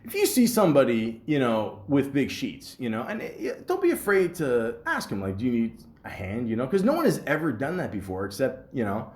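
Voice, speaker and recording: A man's voice: mid-range voice, huge pitch swings, a little fast, few pauses. A man, hosting a podcast, who tells a story casually, swears freely and stammers through restarts. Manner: profane, rambling, stammers restarts. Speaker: podcast host.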